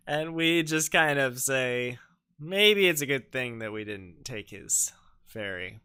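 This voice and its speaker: A man's voice: a little high, lively intonation, normal speed, bright, forceful tone, clear, resonant tone. A young man livestreaming a game, chatting playfully and telling jokey stories with silly voices. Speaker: streamer. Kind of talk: livestream gameplay chat.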